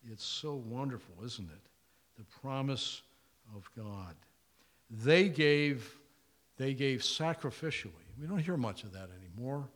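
Older pastor preaching with lively storytelling. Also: male voice, moderate pace. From Indiana, USA. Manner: storytelling, acts out dialogue, lively pitch. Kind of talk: sermon.

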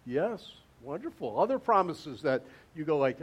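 High-voiced pastor, chatty and repetitive. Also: male voice, big pitch swings, normal speed, breathy edge, muffled recording. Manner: conversational, repeats words for emphasis. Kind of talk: interactive sermon with congregation.

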